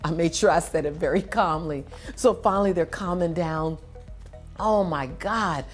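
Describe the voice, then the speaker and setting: A middle-aged woman, a motivational speaker, telling a story in a lively way, laughing and acting out voices. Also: normal speed, soft background music. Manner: lively, laughing, acts out voices with big pitch jumps. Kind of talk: animated storytelling.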